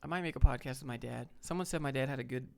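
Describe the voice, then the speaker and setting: A man's voice: mid-range voice, racing, creaky. A man hosting a livestream, chatting casually and bluntly about job hunting and reacting to viewers. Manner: relaxed, blunt, swears casually, talks to chat. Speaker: livestream host giving job advice.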